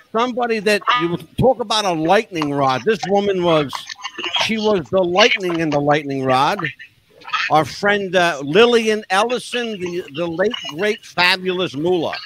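A man hosting a podcast interview, telling stories with emphasis in casual chat. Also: sits high. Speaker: podcast host. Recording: noisy podcast recording.

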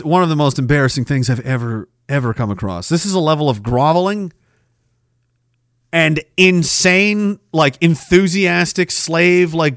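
Loud profane ranting podcast man. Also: fairly high pitch, no echo, studio quality. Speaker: podcast host.

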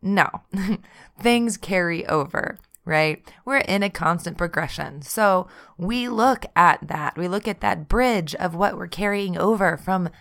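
A woman's voice: on the low side, takes it slowly, gravelly. A woman hosting a podcast as a tarot reader, talking in a chatty, friendly way with frequent laughs. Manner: chatty and warm-hearted, laughs often, says "y'all". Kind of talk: casual podcast monologue.

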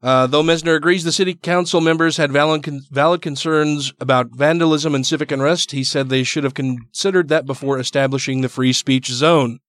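A man's voice: on the high side, steady tone, a little fast, hardly any pauses, fairly bright tone, no echo. A man hosting a casual podcast, reading a news story aloud and adding sarcastic asides. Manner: sarcastic, laughs often. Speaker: podcast host.

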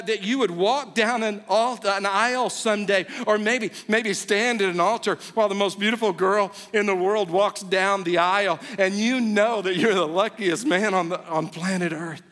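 Man, pastor, sermon, high voice, animated storytelling, long hall reverb. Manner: animated storytelling, acts out a baby's voice.

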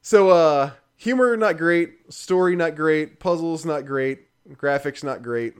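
A man chatting casually in a slightly high register. He rambles through his points with plenty of fillers and restarts. His take is dry and critical, broken up by short laughs. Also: slow, clean tone. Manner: rambling, heavy use of fillers, frequent laughs. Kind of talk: casual chat reviewing a video game.

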